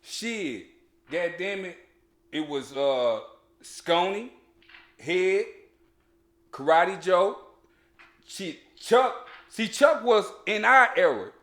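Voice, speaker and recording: Animated high-voiced storytelling man, echoey room. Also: very slow, pauses often. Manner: animated, laughing storyteller, heavy slang and restarts. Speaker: podcast host. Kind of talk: casual storytelling chat.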